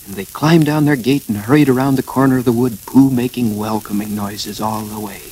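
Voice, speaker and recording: Guy reading a kids story, gentle and even, a bit husky. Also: mid-range voice, brisk, poor audio. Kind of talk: reading a children's story aloud.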